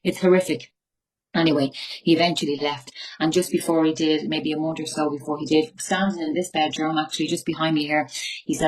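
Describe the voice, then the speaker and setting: A woman in her forties from Ireland, with a Tipperary accent, shares her recovery story from her bedroom at home, raw and emotional and swearing freely. Her voice sits low, with fairly even intonation and a fairly quick pace, and the audio quality is poor.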